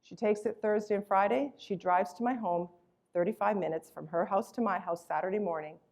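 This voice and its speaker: A woman's voice: medium pitch, brisk, darkish tone. A woman giving an enthusiastic, emphatic sales presentation about her company's products. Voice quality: acts out voices when retelling a story.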